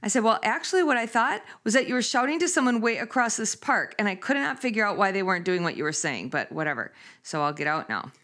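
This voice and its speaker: A woman's voice: mid-range voice, fast, hardly any pauses. A woman in her fifties hosting a casual chat, telling stories with laughter and acting out quotes. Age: 50s. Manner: animated, laughing, acts out quotes.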